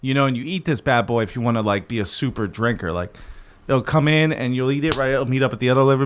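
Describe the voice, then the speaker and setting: A man's voice: mid-range voice, lively intonation, fast talker. A man co-hosting a podcast, talking casually in a brash, crude, swearing way. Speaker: podcast co-host. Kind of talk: casual chat.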